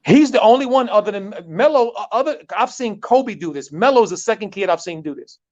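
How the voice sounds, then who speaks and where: Male coach, lively storyteller, fairly high voice, dull lo-fi audio. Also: fairly quick. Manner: animated storyteller, repeats words, many fillers. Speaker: basketball coach. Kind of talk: storytelling in a talk show. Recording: dull lo-fi sound.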